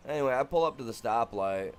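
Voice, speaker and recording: A middle-aged man from Michigan, live-streaming a farming game and telling a long, animated story in casual, slangy chat. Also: mid-range voice, fast talker, clean tone.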